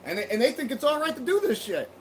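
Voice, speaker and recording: Speaking very high with wide pitch swings and a fast pace, a man hosts a livestream from home, ranting bluntly with heavy swearing and rambling restarts in a profane monologue. There's slight background noise.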